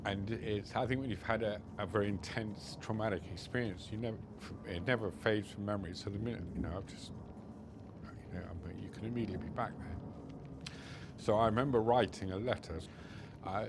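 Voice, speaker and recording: A man recounting his time as a hostage in a halting, subdued way, full of restarts. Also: fairly even intonation, noisy background. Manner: halting, many restarts, subdued and low-key. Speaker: interviewee recounting being held hostage. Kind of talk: reflective personal storytelling.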